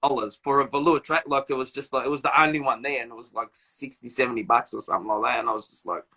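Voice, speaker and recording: Aussie dude on a live stream, bright voice, slangy storytelling. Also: male voice, medium pitch, steady tone, quick pace, husky. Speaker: host. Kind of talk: casual live-stream chat. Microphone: phone or laptop on a live video call.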